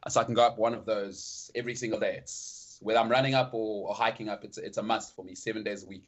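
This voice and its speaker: A South African man talking as a podcast guest in casual chat, relaxed and repeating words as he thinks. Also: fairly low pitch, fast, lo-fi sound.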